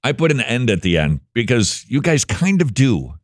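A man's voice: medium pitch, very animated, moderate pace, no room sound, clean studio sound. A man hosting a radio show, chatting casually and teasing his guest with jokes. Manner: joking, teasing banter. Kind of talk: casual interview chat.

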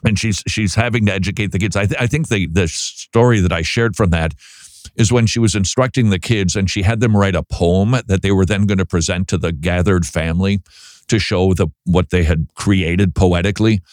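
A man's voice: sits low, fairly even intonation, moderate pace, darkish tone, no room sound, studio quality. A man from Minnesota with a Minnesota accent, hosting a talk radio show in a rambling, joking way and searching aloud for words.

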